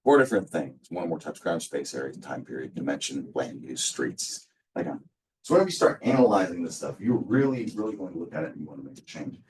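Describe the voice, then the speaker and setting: A low-voiced male instructor rambles loosely through a class lecture, full of ums and restarts, sitting well back from the mic. His intonation is lively, he talks fast, and his tone is darkish, making for a casual, unpolished classroom recording.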